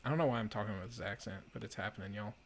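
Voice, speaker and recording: A man's voice: fairly low pitch, very fast. A man chatting casually while playing a video game, swearing and panicking at times. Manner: swears a lot, panicky outbursts. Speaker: let's play host. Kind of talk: casual gameplay chat.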